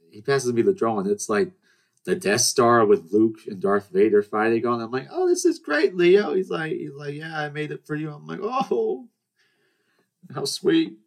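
Young man, twenties, podcast host, casual storytelling, rambling, restarts, acts out dialogue. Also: lowish voice. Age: 20s.

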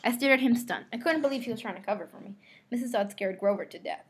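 A woman's voice: on the high side, fast, slightly rough. Woman reading a novel aloud. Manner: expressive first-person reading, rereads lines after slips. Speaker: audiobook reader.

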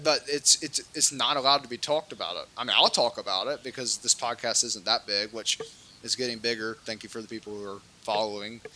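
Bright-voiced man on a heated rant. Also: mid-range voice. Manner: heated, repetitive ranting with many restarts. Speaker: podcast co-host. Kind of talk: political podcast rant.

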